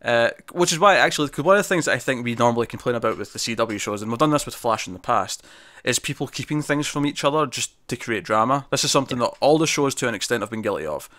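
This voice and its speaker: A man co-hosting a TV review show, chatting casually in a quick, animated way with frequent restarts. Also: mid-range voice, dry recording, studio quality. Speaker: TV review podcast co-host. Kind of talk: casual chat.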